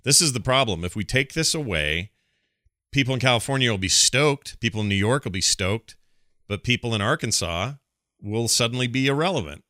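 A man hosts a call-in radio talk show in a casual, joking way, laughing easily between points. His voice is bright and pushing, recorded dry and close. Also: medium pitch, animated, brisk, no room sound. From Utah.

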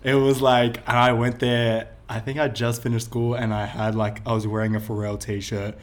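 A man's voice: mid-range voice, flat delivery, moderate pace. A young man, chatting casually and telling stories with many fillers. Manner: rambling storytelling full of fillers. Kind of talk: casual chat.

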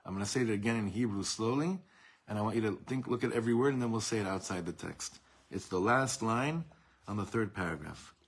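A man with a husky, breathy voice pitched a little low teaches a Torah class to a room of students. He circles his points with restarts and stops to read Hebrew lines aloud. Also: fairly quick. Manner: warm, searching delivery with many restarts and Hebrew quotes.

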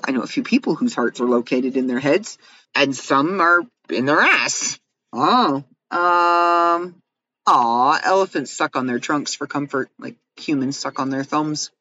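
A giggly woman reads fun facts aloud, making jokes as she goes. Her pitch swings widely from line to line. The recording sounds dull and lo-fi. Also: animated, unhurried, bright, forceful tone. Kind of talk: casual reading of fun facts with quips.

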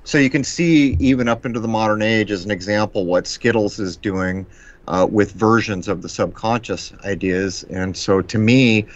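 A man's voice: lowish voice, moderate pace. A man co-hosting a live stream discussion, talking conversationally and putting questions to the host. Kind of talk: casual discussion. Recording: dull lo-fi stream audio.

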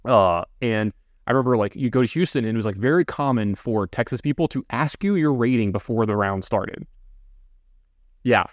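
In studio-quality audio with no echo, a male podcast co-host rambles through lengthy anecdotes, leaning on fillers and asides. He speaks at a normal speed in a medium pitch.

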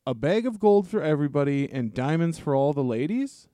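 A frightened, rich old dragon pleads and bargains in a raised, wheedling voice, as a man puts him on during a story reading. The tone stays mellow and the sound is dry and close. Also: on the high side, sing-song, brisk, dry recording. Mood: pleading, wheedling. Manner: anxious, wheedling, haggling.

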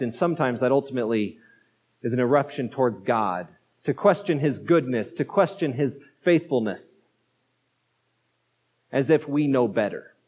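A man's voice: medium pitch, a little mellow. A male pastor preaching a sermon in a conversational way, asking his listeners rhetorical questions. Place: church sanctuary. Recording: dull lo-fi sound with long reverb.

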